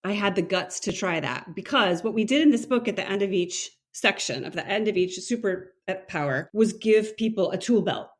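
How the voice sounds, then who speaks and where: Lively, animated woman from Maine. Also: mid-range voice, normal speed, hardly any pauses. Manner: animated, acts out quoted voices, laughs often. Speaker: co-author and leadership coach. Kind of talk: conversational podcast interview.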